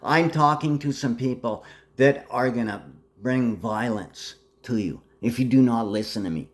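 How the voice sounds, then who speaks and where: Brief: man, mid-pitched, rambling monologue, agitated and threatening, hops from topic to topic. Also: unhurried.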